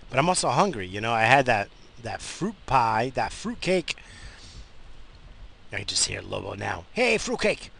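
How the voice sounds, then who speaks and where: A tired man rambles through a casual monologue from his car as host of his own show. His voice is gravelly and fry-laden, yet bright and forceful in tone, and he restarts sentences often. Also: fairly low pitch, slight background noise. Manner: rambling, with frequent restarts and fillers. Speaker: podcast host. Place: in a car, driving.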